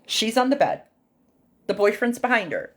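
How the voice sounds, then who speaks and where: A woman on a livestream telling a personal story casually and dramatically, pausing often, with fillers and acted-out quotes. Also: fairly high pitch, big pitch swings. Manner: dramatic retelling that acts out other people's lines; unhurried, with pauses and fillers.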